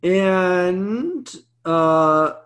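A man's voice: high-pitched, lively intonation, drawn-out words, a bit bright. A man, a priest, teaching a Bible passage in a sermon, chatty and often checking in with "okay?". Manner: conversational, frequent "okay?" check-ins.

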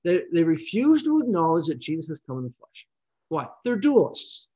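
A man with a slightly high voice teaches a Bible study, talking through a passage in a loose, conversational way. He restarts phrases and checks in with the listeners. The recording sounds dull and lo-fi. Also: very animated, moderate pace, warm tone, husky. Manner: explains in an unscripted, conversational way, with restarts and "right?".

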